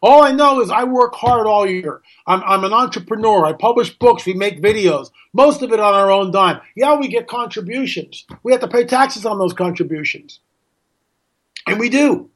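A middle-aged American man with a notably high-pitched voice hosts a talk radio show. He rants with indignation, piling up rhetorical questions and hammering on his points. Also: lively intonation, normal speed, a bit bright. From United States. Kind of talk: opinionated radio monologue.

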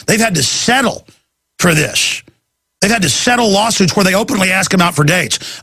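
A man hosting a talk show, ranting in a rambling, excitable monologue full of restarts and stammers. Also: fairly high pitch, moderate pace, gravelly, breathy edge, no room sound, studio quality. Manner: slips into mocking voices for quotes.

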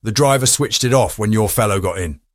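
A man reading an audiobook, voicing a cheerful male assistant who reports in a brisk, pleased way. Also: on the low side, dry recording, studio quality, lightly acted.

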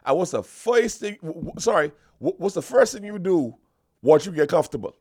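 Brief: emphatic mock-preacher man, high voice with gravelly fry, dry close sound. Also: very animated, a little fast, darkish tone, dry recording. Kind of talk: comic lecturing monologue.

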